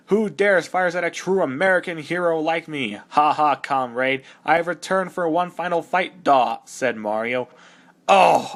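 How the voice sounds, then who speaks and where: A man's voice: fairly high pitch, fairly bright tone. A man voicing a cocky young male hedgehog hero, reading fan fiction aloud with sarcastic, exasperated mockery. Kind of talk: comedic fan-dub reading.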